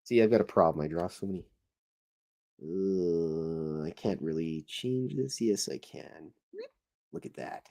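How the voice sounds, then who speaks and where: Chatty low-voiced man, rambling host. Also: a little slow, vocal fry, warm tone. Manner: rambling, chatty, self-deprecating. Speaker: show host. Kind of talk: casual livestream chat while drawing.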